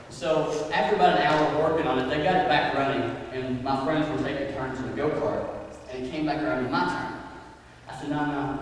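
A man preaching as youth pastor, telling a story on himself in an animated, self-mocking way and acting out his own reactions. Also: a little high, fairly quick, slight background noise. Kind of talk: sermon with personal storytelling. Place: church sanctuary. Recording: echoey church hall, voice picked up from a distance.

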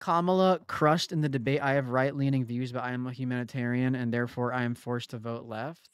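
A man's voice: mid-range voice, steady tone, fairly quick, clear, resonant tone, no echo, clean studio sound. A young man streaming a game, chatting casually and answering his chat. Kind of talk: casual live-stream chat while gaming.

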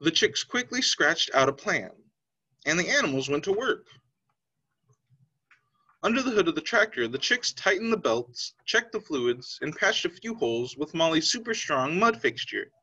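A male teacher reading a picture book aloud to young children. His somewhat high voice rises and falls very expressively. The sound is slightly dull and lo-fi. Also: moderate pace, husky. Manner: expressive, lively storytelling.

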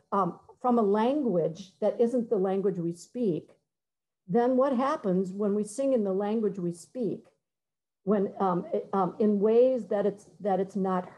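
A middle-aged woman composer giving a conversational talk, halting and searching for words, sometimes singing short phrases to demonstrate. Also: medium pitch, dark tone, low-quality recording. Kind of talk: conversational talk with many fillers and restarts.

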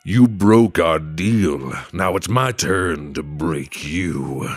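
A man voicing a scheming, menacing male devil in a game, with a slow Southern drawl. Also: deep voice, animated, no room sound, exaggerated voice. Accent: Southern US put-on.

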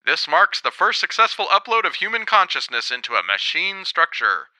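A man's voice: sits high, big pitch swings, moderate pace, pushed and bright, no room sound, voice pushed up, full character voice, rough recording. A man voicing a TV news reporter in a formal, polished newscast delivery, reading a story.

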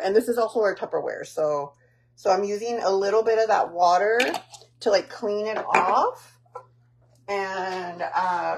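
A woman's voice: medium pitch, a little hiss or hum. A woman chatting casually as she walks through a home recipe, rambling and teasing herself with lots of fillers. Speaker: home cook vlogger. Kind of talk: casual cooking tutorial.

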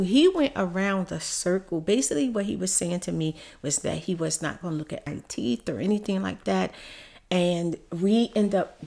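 A YouTube storyteller with a fairly low, warm voice and vocal fry tells viewers an emotional personal storytime at normal speed. She's animated and heated, repeating herself and calling her audience "y'all."

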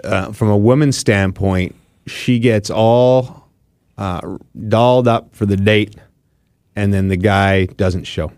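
A man's voice: on the low side, slow pace, darkish tone, no echo, clean studio sound. A man co-hosting a casual podcast who tells self-mocking stories and laughs often. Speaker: co-host, sports TV analyst.

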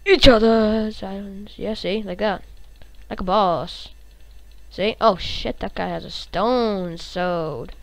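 A woman hosting a gaming channel, giving live gameplay commentary in an excitable, reactive way, cursing and humming little tunes. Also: on the low side, slow pace, creaky, dry recording, rough recording.

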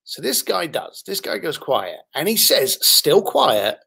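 High, lively man telling stories. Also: a little slow, vocal fry, few pauses, breathy edge. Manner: acts out other people's voices while telling stories. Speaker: podcast guest. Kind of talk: animated anecdote telling.

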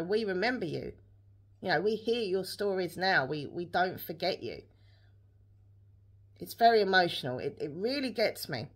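Vlogger: young woman, slightly low voice, rambling casual chat to camera. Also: a bit bright. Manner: chatty, rambling, with many fillers and restarts. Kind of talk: casual day-in-the-life vlog chat.

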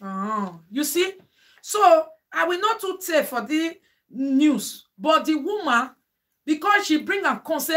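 High, bright Nigerian Pidgin woman. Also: big pitch swings, a little slow. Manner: preachy, sermonizing asides; emphatic, exclaiming. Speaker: vlogger. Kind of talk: casual monologue to viewers.

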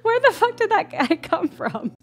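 A woman streaming a video game, reacting excitedly, cursing and laughing and yelping when startled. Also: very high-pitched, moderate pace, faint music behind. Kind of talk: live gameplay reactions.

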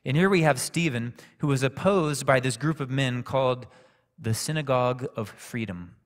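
A man preaching a sermon, telling a personal story in a calm, conversational way. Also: mid-range voice, moderate pace. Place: church sanctuary. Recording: echoey church hall reverb.

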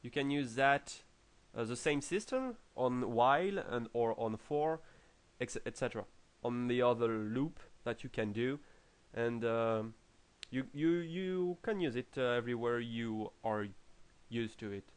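A man with a French accent explaining programming logic in a tutorial, halting with many fillers and restarts. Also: medium pitch, clean tone. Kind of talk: screen-recorded coding tutorial.

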